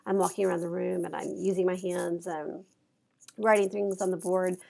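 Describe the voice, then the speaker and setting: A woman's voice: fairly low pitch, level tone, moderate pace, gravelly, darkish tone. A woman college instructor giving a recorded lecture from her office, a little congested from allergies, talking conversationally through examples with fillers. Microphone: clip-on mic.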